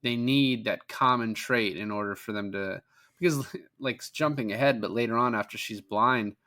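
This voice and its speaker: A man's voice: mid-range voice, normal speed, sharp tone. A man co-hosting a podcast, casually recapping a film in a rambling, profane way. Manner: rambling, profane, quotes characters in passing. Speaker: podcast co-host.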